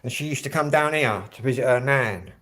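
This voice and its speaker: A man's voice: mid-range voice, a little fast, fairly bright tone. A middle-aged man from Kent, rambling casually to viewers on a livestream with plenty of fillers. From Kent, England. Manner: chatty and rambling, many fillers. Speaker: livestream host.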